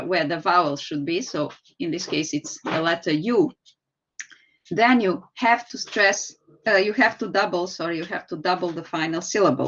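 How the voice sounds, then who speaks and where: A woman's voice: lowish voice, a bit bright, dull audio. A woman teacher, patiently explaining English spelling rules in an online lesson and calling on students. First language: Serbian.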